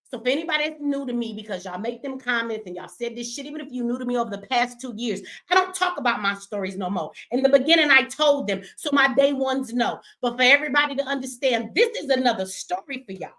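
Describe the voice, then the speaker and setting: A woman's voice: fairly high pitch, animated, fast talker, hardly any pauses, fairly bright tone. A middle-aged woman, an activist host delivering an angry, profane livestream rant, tearful at times. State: crying.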